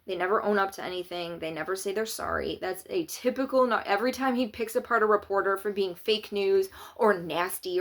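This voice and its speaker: A woman giving opinionated, sarcastic political commentary in a casual vlog. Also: mid-range voice. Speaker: political vlogger.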